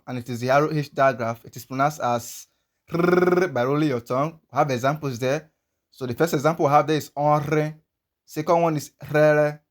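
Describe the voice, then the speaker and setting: A man teaching a pronunciation lesson, speaking slowly and patiently and repeating each sound many times. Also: medium pitch. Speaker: language teacher.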